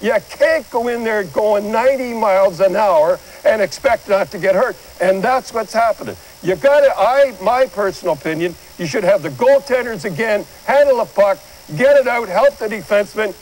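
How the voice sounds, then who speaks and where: An older man talks hockey in a high, animated voice, rambling and blunt. He keeps telling viewers to watch the replays. His talk sounds like opinionated studio commentary. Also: normal speed, hardly any pauses, poor audio. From Canada.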